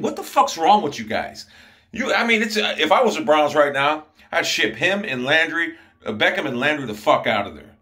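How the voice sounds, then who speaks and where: A man's voice: on the high side, sing-song, moderate pace, pushed and bright. Ohio guy going off, swearing nonstop, heated rant. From Ohio, USA. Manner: profane, heated, ranting. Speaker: sports commentator. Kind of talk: angry fan rant.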